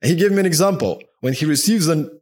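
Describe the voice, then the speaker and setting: A talkative, animated man speaking as a podcast guest in casual interview talk, often dropping "man" into his sentences. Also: fairly high pitch, fast, slightly rough.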